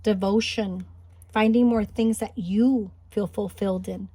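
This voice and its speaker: A woman giving a spiritual pick-a-card reading, gentle and encouraging, thinking aloud with small restarts. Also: medium pitch, steady tone, unhurried. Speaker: tarot card reader. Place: home, Highland Park, California.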